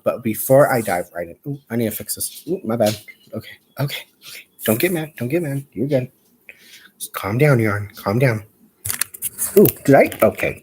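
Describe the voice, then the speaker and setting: A man hosting a casual crochet livestream, chatty and sassy, with playful asides and a lively, swooping delivery. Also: medium pitch, husky.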